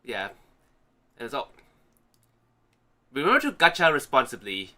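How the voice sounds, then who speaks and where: Male podcast co-host, very bright tone, rambling casual delivery. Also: mid-range voice, wildly swooping pitch, measured pace. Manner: rambling, filler-heavy, many restarts. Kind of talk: casual chat.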